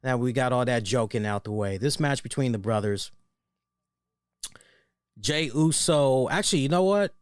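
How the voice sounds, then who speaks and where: A man riffing through a casual wrestling review, animated and joking, often checking in with his listeners. His voice sits in a middle register. The recording is dry and close, with no room sound. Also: medium pitch, moderate pace, pauses often, clean tone, no echo. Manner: animated and joking, often tags lines with "right?". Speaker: wrestling show host.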